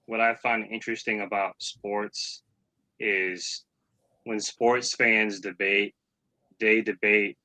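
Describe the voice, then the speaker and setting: A low-voiced man speaks very slowly with a sharp, bright edge to his tone. He reflects at a measured pace in a casual podcast chat, on a dry close mic. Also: no echo, poor audio. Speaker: podcast co-host.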